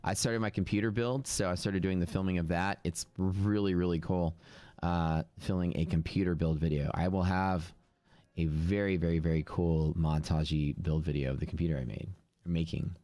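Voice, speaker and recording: A man's voice: low-pitched, fairly even intonation, moderate pace, mellow, dry recording. A man live-streaming his trading screen, casually thinking aloud with fillers and restarts. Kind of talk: live screen-share commentary.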